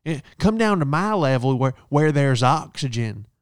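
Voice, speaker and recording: A man voicing a rude, toothless older woman hotel guest who mocks with slow, drawn-out taunts. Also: mid-range voice, very animated, smooth, dry recording, studio quality, lightly acted. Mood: sneering.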